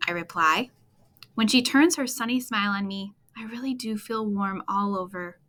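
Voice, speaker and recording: A woman reading a children's chapter book aloud at bedtime, expressive and playful, talking to young listeners. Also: mid-range voice, moderate pace. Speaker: storytime reader.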